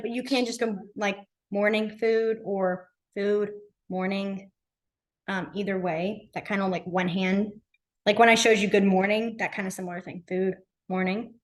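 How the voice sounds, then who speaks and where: A young sign language teacher with a medium-pitched, slightly bright voice leads a beginners' class in a library classroom. Her manner is casual and chatty, heavy on "um" and "like."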